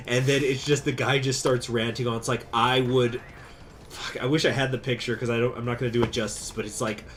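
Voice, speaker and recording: A man streaming a strategy game, chatting casually with viewers, rambling, laughing and jumping into high excited bursts. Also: fairly quick, slight background noise. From United States. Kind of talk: casual game commentary with chat.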